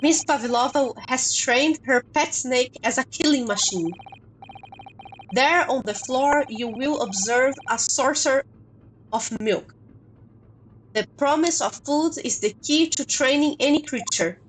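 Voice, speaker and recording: A woman's voice: sits high, unhurried, a little hiss or hum, rough recording. A woman voicing a boastful, grandiose male detective as she reads game dialogue aloud. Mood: declaiming. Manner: grandiose, theatrical.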